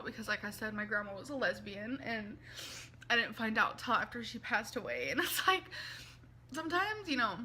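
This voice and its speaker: A woman's voice: fairly high pitch, expressive, moderate pace, bright, forceful tone, faint music behind. A woman in a confessional vlog, earnest and emotional, reading out messages and talking them through. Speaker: vlogger.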